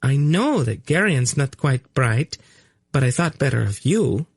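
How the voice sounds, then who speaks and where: A male narrator voicing a prim, indignant young noblewoman who turns theatrically tragic in a high, trembling voice. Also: big pitch swings, unhurried, husky, no room sound, clean studio sound, heavily acted. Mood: purring smug.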